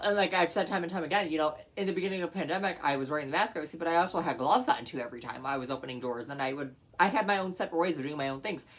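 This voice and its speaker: A man's voice: fairly high pitch, a bit bright. A man vlogger giving blunt, matter-of-fact opinions to camera, with some profanity.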